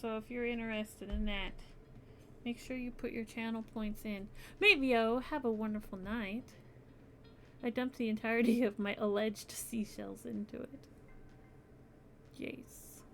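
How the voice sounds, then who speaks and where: A woman's voice: fairly high pitch, fairly even intonation, a little slow, fairly bright tone, slight background noise. A young adult woman streaming her crochet, chatting casually and sounding sleepy and yawny. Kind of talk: casual live-stream chat.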